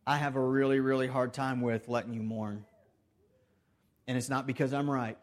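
A man preaching a sermon earnestly, with restarts and repeated phrases, swinging between loud emphasis and soft, hushed stretches. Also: mid-range voice, little pitch movement, normal speed. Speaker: pastor.

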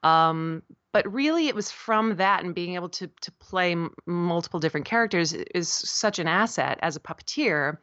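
Give me a lively middle-aged woman, a puppeteer and voice actor chatting in an interview. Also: on the low side, moderate pace, hardly any pauses, no room sound, lo-fi sound. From South Florida, USA. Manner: animated storyteller, laughs often, jumps into quoted voices. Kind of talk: casual interview chat.

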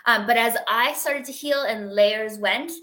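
A middle-aged woman speaks as an interview guest, her voice bright and a little high. She talks in a chatty, animated way, full of fillers and quick laughs. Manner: chatty, expressive, lots of "like" and laughs. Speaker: guest sharing a healing story. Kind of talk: casual interview conversation.

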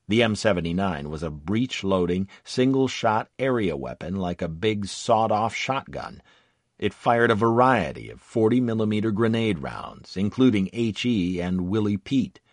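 A man's voice: low voice, dry recording, studio quality. A man narrating a first-person war memoir in a vivid, dramatic storytelling manner.

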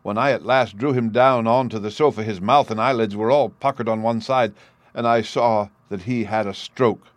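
A man's voice: fairly low pitch, steady tone, moderate pace, no echo, close to an everyday voice. A man voicing a troubled young man who tells of his family's trouble earnestly. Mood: distressed.

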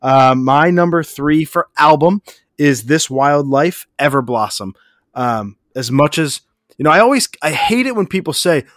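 Profane, excitable podcast guy. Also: fairly high pitch, normal speed, no echo, studio quality. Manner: profane, enthusiastic, rambling. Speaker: podcast co-host. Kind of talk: casual podcast chat.

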